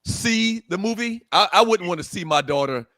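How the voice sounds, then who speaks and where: A man's voice: sits high, lively intonation, brisk, bright, forceful tone, no echo. A man co-hosting a casual talk show, teasing the guest and repeating his jokes. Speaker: co-host.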